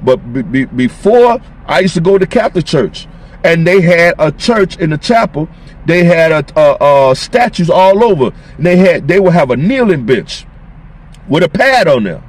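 Husky-voiced man preaching emphatically. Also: on the high side, sing-song, moderate pace. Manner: emphatic, repetitive, informal phrasing. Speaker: street preacher. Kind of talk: preaching on scripture.

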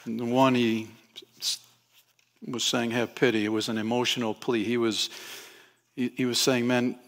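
Gravelly man preaching a sermon. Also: mid-range voice, fairly bright tone. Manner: conversational, asks the congregation questions. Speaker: pastor. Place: church sanctuary.

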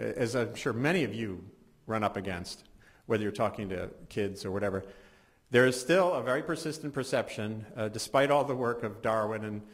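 Conversational middle-aged man giving a talk. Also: lowish voice. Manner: conversational, restarts often, wry asides. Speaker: science journalist. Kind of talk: conference talk. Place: symposium hall.

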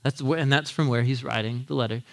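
A man in his thirties preaching a casual, animated sermon, acting out quotes in lively voices and laughing often. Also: mid-range voice, quick pace, creaky. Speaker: pastor teaching a Bible series.

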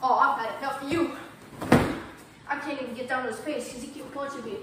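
A woman's voice: high voice, steady tone, a little fast, heavy reverb, far from the mic, heavy background noise. A woman gaming vlogger playing a fighting game and trash-talking her opponent with playful tough-guy bravado.

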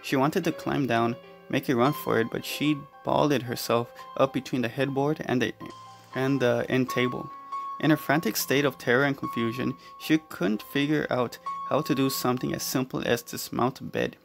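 A man narrating a horror story in a measured, dramatic way, with music underneath. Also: mid-range voice, fairly even intonation, creaky.

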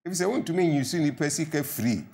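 A man's voice: a little high, expressive, quick pace, creaky, mellow, a little hiss or hum. An older man with a Ghanaian accent, a pensioner guest in a studio panel debate, arguing earnestly and rising to emphatic appeals.

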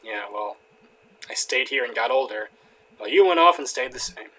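A man reading the lines of a bitter, sardonic young adult female crocodile from a game, in a flat, cutting, quiet delivery. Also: mid-range voice, moderate pace, voice pushed down, low-quality recording. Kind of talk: reading game dialogue aloud.

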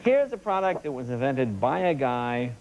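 A man hosting a talk show, running a comedic monologue of joke headlines with animated punchlines and asides to the audience. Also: mid-range voice, normal speed, muffled recording. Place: TV studio stage. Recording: TV studio with audience laughter and noise. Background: studio audience laughter.

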